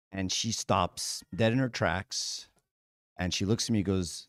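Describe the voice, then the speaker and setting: A man's voice: low-pitched, unhurried, a bit bright, dry recording, studio quality. A man giving a conversational talk at church, frank and casual, often checking in with "right?" and "okay?". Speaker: church speaker.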